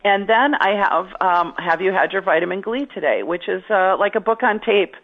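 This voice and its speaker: A woman's voice: medium pitch, normal speed, phone-quality sound. A middle-aged woman comedian chatting in an interview, rambling and self-deprecating with lots of restarts. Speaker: stand-up comedian guest. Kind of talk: casual interview chat.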